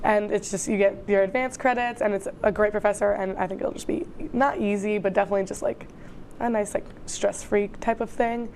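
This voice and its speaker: A woman's voice: mid-range voice, steady tone, brisk, a little mellow, a little hiss or hum. A young woman in college co-hosting a student TV talk show, chatting casually and rambling with plenty of fillers. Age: young adult. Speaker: student co-host. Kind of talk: casual chat. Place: campus TV studio.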